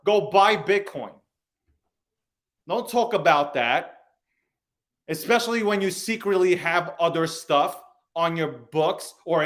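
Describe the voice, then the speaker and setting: High-pitched and fairly bright, the male host tears into a heated crypto rant on his podcast. Angry and foul-mouthed, he repeats phrases over and over to press his arguments.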